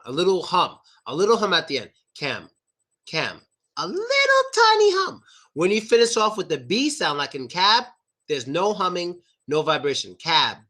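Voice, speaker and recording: A young American man teaching an online pronunciation lesson, repeating words slowly to demonstrate sounds. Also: high voice, pushed and bright.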